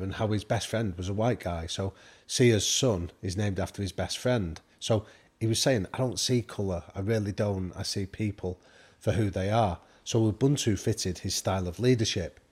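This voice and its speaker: A British man with a husky voice, telling a story in animated conversation and voicing the people in it. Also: lowish voice. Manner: animated anecdote-telling with quoted speech. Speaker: podcast guest.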